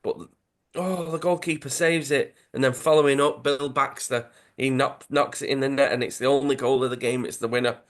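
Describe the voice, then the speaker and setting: A man's voice: mid-range voice, fairly quick. Dudley man retelling a comic story. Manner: animated storyteller, acts out quotes with self-corrections. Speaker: podcast co-host.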